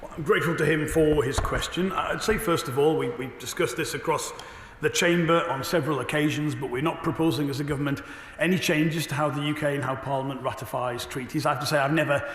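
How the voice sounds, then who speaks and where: A slightly hoarse man speaks as a government minister in a parliamentary debate, his delivery brisk and assured. His voice sits a little high and runs fast, while the chamber around him gives it a long, roomy echo. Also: steady tone, a bit bright. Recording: echoey chamber with long reverb.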